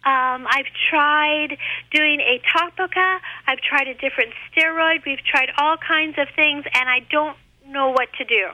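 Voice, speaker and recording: A worried woman phones in to a radio show. Her voice is high and very bright, and it sounds dry. She speaks hesitantly, stopping often with ums. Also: unhurried, no echo, rough recording. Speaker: caller. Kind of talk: radio call-in question. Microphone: telephone.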